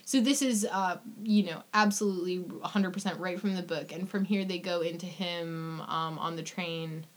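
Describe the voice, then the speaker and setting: A young woman co-hosting a podcast in casual chat, animated and swearing freely as she acts out lines in voices. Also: on the low side, normal speed, few pauses. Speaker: podcast co-host.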